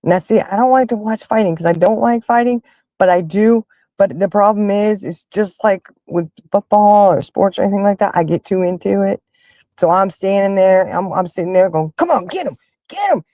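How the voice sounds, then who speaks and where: A woman hosting a casual chat with her viewers, telling stories in an animated, emphatic way and fussing loudly when annoyed. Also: medium pitch, normal speed, dry recording. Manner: animated, emphatic storyteller who rants and fusses. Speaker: livestream host chatting with viewers.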